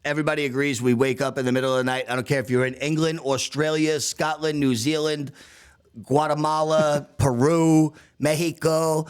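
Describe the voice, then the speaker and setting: A man from Staten Island, a chef and podcast co-host, telling kitchen stories in a profane, laughing, animated way. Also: fairly high pitch, normal speed, smooth. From Staten Island, New York. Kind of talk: casual podcast chat.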